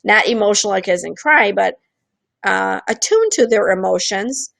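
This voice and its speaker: A woman with a gravelly, fry-laden voice hosts a streamed show, explaining ideas in a loose, candid way. She keeps slipping into little acted-out voices when she quotes people, and she often restarts her sentences. The sound is dry and close, with no room around it. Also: medium pitch, animated, normal speed, fairly bright tone, no room sound. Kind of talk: casual explanatory talk.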